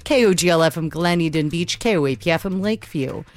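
Lively woman radio host with animated pitch. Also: quick pace. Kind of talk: radio announcing. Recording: faint music bed.

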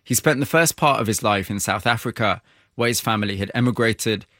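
Male broadcast host: measured, empathetic interviewer, dry studio mic. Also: fairly low pitch, pushed and bright, no room sound. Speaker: radio host. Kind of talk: broadcast interview with scripted narration.

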